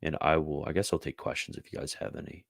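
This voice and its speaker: A man who reads a theology passage aloud in a measured way, then answers viewer questions in a loose, casual chat with fillers. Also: extremely low pitch, steady tone, no echo.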